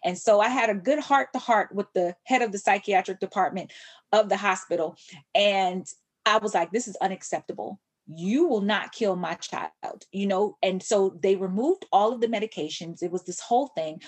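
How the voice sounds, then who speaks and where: A middle-aged woman, a podcast guest, telling a personal story in an animated way and acting out the voices she quotes. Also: normal speed, breathy edge. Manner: animated, acts out quoted voices with big pitch jumps.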